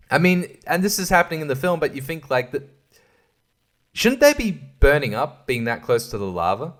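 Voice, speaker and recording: A man's voice: on the high side, big pitch swings, moderate pace. A tired man hosting a solo podcast in a rambling, crude, profane way, laughing at his own jokes. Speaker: podcast host. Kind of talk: casual solo podcast chat.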